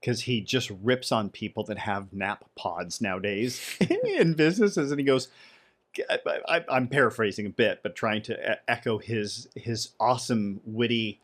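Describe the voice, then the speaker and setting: A man's voice: medium pitch, expressive, moderate pace. A man co-hosting a podcast, chatting in a playful, talkative way. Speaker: podcast co-host. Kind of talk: casual podcast chat.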